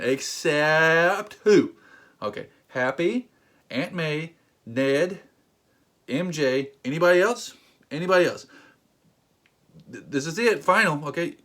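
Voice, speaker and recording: A man's voice: on the high side, fairly bright tone. A man reviewing a film in a ranting commentary, incredulous and emphatic, with sudden exasperated outbursts. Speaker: movie reviewer.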